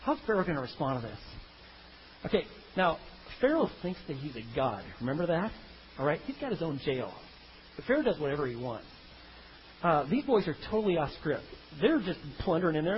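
Male preacher, high and lively, playful storytelling delivery; muffled lo-fi sound. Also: brisk, a little hiss or hum. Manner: animated, comic, acts out biblical characters in funny voices. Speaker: pastor. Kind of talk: sermon.

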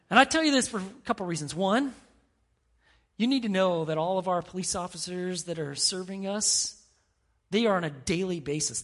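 A middle-aged man preaching a sermon as pastor, telling stories with animated quoted voices. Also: fairly high pitch, slightly rough.

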